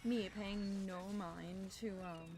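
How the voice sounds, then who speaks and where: A young adult woman streamer chatting casually while gaming, rambling with fillers and sounding a little hoarse as her voice recovers. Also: mid-range voice, slow, noisy background. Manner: animated greetings to chat. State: slightly hoarse from overuse, recovering.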